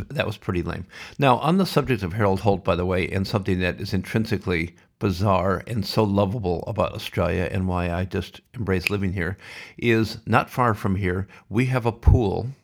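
A middle-aged man hosts a podcast with a low, gravelly voice full of fry. He rants bluntly and sardonically, working himself up between dry asides. The delivery stays opinionated and conversational throughout. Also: normal speed. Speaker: podcast host.

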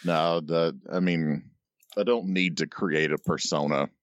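A man's voice: low voice, fairly even intonation, unhurried, dry recording. A man co-hosting a casual comics podcast, dry and hesitant, often restarting his sentences. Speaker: podcast co-host.

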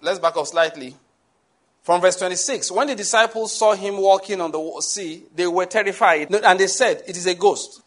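A male preacher, delivering a lively sermon and asking his congregation questions. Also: sits high, moderate pace. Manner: animated, rises to shouts, asks the congregation questions.

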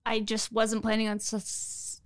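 A woman's voice: fairly high pitch, completely flat delivery, a little slow, clean tone, dry recording, studio quality. A woman hosting a comedy podcast in casual chat, dramatic and self-deprecating about her own mishaps. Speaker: podcast host.

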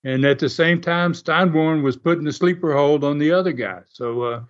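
A man with a somewhat high voice tells stories in a loose, animated way, chuckling often as he goes. The audio is muffled and lo-fi. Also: moderate pace. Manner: animated, laughs often, acts out quoted voices. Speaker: guest recounting wrestling TV history. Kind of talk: casual storytelling.

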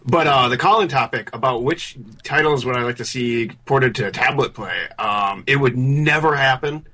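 A man's voice: medium pitch, normal speed, sharp tone, low-quality recording. A man calling in over an internet voice call, talking earnestly and hesitantly with many uhs. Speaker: caller. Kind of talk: casual talk on a call-in show.

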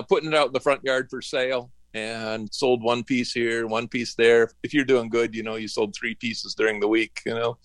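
A middle-aged man from northern Michigan tells his story in a rambling, folksy way, slipping into the voices of the people he quotes. His pitch sits in an ordinary middle range. The sound is dry and close, with no room around it. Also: no room sound. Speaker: interview guest, woodworking business owner. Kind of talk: casual storytelling interview.

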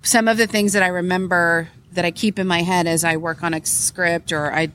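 A woman's voice: lowish voice, fairly even intonation, moderate pace, a bit bright, a little hiss or hum. A woman co-hosting a podcast live at a convention, chatting eagerly with lots of fillers and giggles. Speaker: podcast co-host. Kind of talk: casual chat recorded live at a convention. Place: convention hall behind a curtain.

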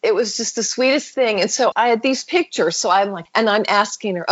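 In an interview, a woman from the United States appears as a podcast guest and tells a personal story, bringing quoted people to life with their voices. Her husky, medium-pitched delivery moves at a moderate pace with hardly any pauses, and the highs are cut off.

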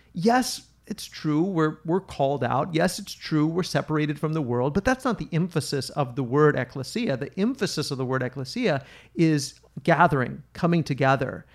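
A man hosting a Bible study podcast, talking in an earnest, teacherly way and often repeating words as he thinks. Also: a little high. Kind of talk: casual Bible study talk.

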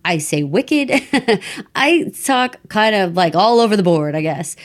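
A woman's voice: medium pitch, sing-song, unhurried. A woman with a mixed American accent that is partly Southern, chatting casually and enthusiastically as a podcast co-host, laughing often and using many fillers. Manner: giggly, enthusiastic, filler-heavy. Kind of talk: casual chat.

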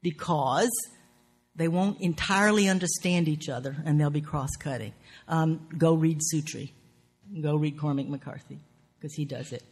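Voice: mid-range voice, normal speed, breathy edge. A writing teacher with a Southern US accent, lecturing on craft in an earthy, profane, wry way with folksy grammar.

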